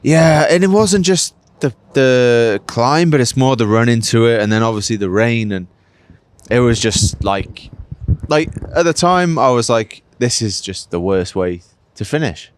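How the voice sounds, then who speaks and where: An unhurried, clear, resonant mid-range voice belongs to a man from Wales in his late thirties who races bikes professionally. In this casual post-race interview he wanders from point to point, peppering his talk with "like" and "mate."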